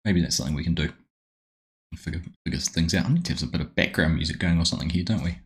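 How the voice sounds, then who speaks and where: A man's voice: low voice, very fast. A man with a New Zealand accent hosting a live game stream, chatting casually and greeting viewers by name.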